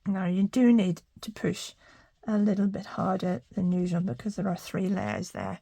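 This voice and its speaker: Gravelly-voiced older woman, chatty crafter. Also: lowish voice, animated, moderate pace, mellow, no echo. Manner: chatty, talks to viewers while working, murmurs asides. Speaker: card-making tutor. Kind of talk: casual craft tutorial.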